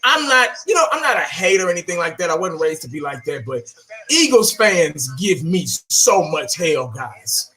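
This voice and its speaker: A man's voice: a little high, big pitch swings, normal speed, pushed and bright, soft background music. A man hosting his own channel, ranting bluntly and with profanity, talking straight to his viewers. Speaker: fan channel host. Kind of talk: casual solo rant.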